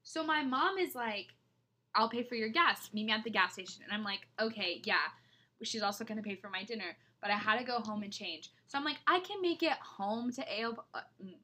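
Bright-voiced young woman telling stories. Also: fairly high pitch, brisk. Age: young adult. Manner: animated storytelling, dramatic retellings. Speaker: podcast co-host. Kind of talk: casual chat.

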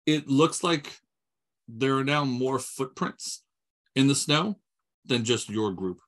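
A man's voice: medium pitch, a bit bright. Man running a tabletop game. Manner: halting, with many fillers and restarts. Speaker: game master.

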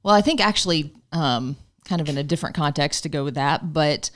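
A woman talking in a casual conversation, animatedly telling a faith story and imitating a friend's halting English. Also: deep voice, a bit bright. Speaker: guest missionary.

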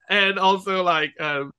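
A man's voice: fairly high pitch, bright, forceful tone, no echo. A man co-hosting a podcast, rambling through a casual TV episode recap and laughing at his own jokes. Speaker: podcast co-host.

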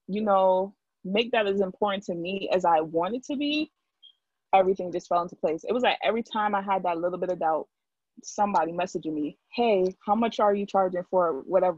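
A woman's voice: on the low side, no room sound, dull audio. A young woman talking in a casual chat, filling her speech with "like" as she tells her story. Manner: talkative, heavy use of "like". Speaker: guest.

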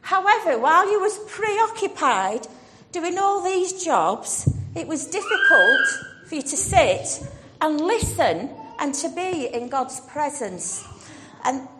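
A woman's voice: high voice, background noise. A woman leading an all-age church talk, encouraging children and calling them by name. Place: church hall. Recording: reverberant church hall, faint music.

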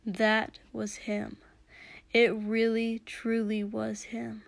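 A woman narrating a story aloud in a slow, measured way. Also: a little high, monotone, vocal fry, no echo. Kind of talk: reading fan fiction aloud.

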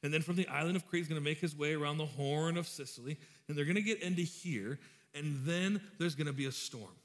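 A pastor in his thirties delivers an informal, joking sermon, spinning stories for his congregation in a chatty way. His voice is fairly high and he talks fast.

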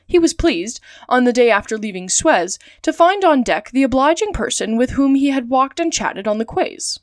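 A woman hosting a story podcast, reading a classic novel aloud in a clear, steady way. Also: high voice, normal speed, dry recording, studio quality.

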